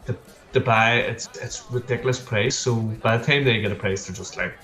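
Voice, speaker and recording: A man's voice: medium pitch, normal speed, fairly bright tone. A man with a Northern Irish accent, a plasterer chatting as a guest, telling stories and repeating words as he goes. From Northern Ireland. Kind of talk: casual interview chat. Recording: echoey room.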